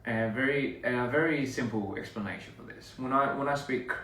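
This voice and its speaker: A young man chatting casually with viewers on a livestream, relaxed and halting, with lots of fillers and restarts. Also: medium pitch. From Australia. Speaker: livestream host. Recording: roomy echo, distant mic, faint noise.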